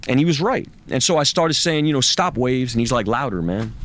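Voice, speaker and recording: A man's voice: a little high, fairly bright tone. A man telling a candid personal story in an interview, swearing freely, stumbling over repeated words and acting out what others said. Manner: profane, halting, repeats words, acts out quoted speech. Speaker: interview guest.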